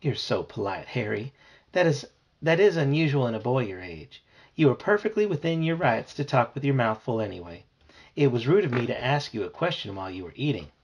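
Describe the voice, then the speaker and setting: A man reading aloud and voicing a polite, gentle grandmotherly retired teacher with a husky voice. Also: mid-range voice, sing-song, brisk, highs cut off. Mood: confiding, worried. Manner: gentle, fussy, hospitable.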